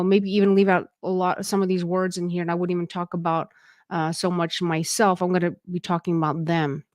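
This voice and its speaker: A woman with a fairly low voice gives casual instructional talk as a podcast host. She speaks conversationally, with plenty of fillers and restarts. The sound is dry and close. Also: a little mellow, no room sound. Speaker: podcast host and leadership coach.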